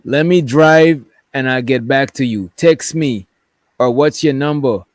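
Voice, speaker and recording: A man's voice: medium pitch, a little slow, dry recording. Rambling man doing livestream commentary. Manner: rambling, reads text messages aloud, keeps asking "right?". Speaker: commentary streamer.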